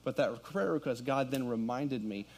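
A man's voice: medium pitch, normal speed, darkish tone. A middle-aged man, a pastor, telling a story and preaching a sermon to his congregation. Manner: storytelling, builds to fervent preaching. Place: church sanctuary with congregation.

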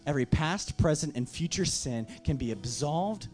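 A man's voice: a little high, lively intonation, moderate pace, over music. A man preaching a sermon as pastor, impassioned, with emphatic repeated phrases.

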